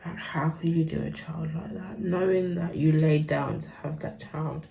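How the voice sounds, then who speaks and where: A young woman, talking openly in a confessional vlog, often dropping to a whisper and then rising loud and quick. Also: sits low, steady tone, creaky. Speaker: vlogger.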